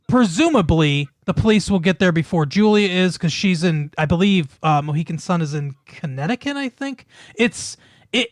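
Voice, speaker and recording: A podcast co-host with a voice on the high side rambles through a film's plot in casual chat, full of fillers, restarts, and frequent laughs. He swears casually, and there's no room sound.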